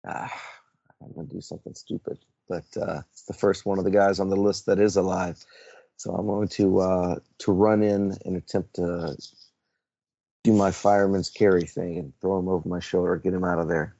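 A man's voice: low voice, little pitch movement, moderate pace, vocal fry, dark tone, no echo. A man playing a tabletop game, casual and wry, rambling with fillers. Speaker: player. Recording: dull lo-fi recording.

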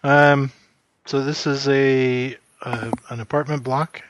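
A man's voice: mid-range voice, flat delivery, takes it slowly. Genteel-sounding man playing in a tabletop game. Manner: formal, genteel in character. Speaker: player.

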